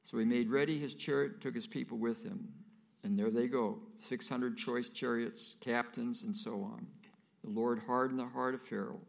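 A man's voice: medium pitch, steady tone, normal speed, vocal fry. A male pastor preaching a sermon, reading scripture aloud and breaking off for casual asides to the congregation.

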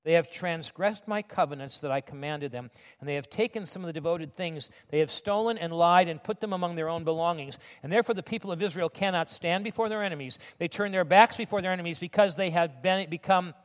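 A male preacher with a high voice delivers a sermon in a conversational, animated storytelling manner. His voice rings through a large hall with a long reverb. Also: a little fast, hardly any pauses. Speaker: pastor.

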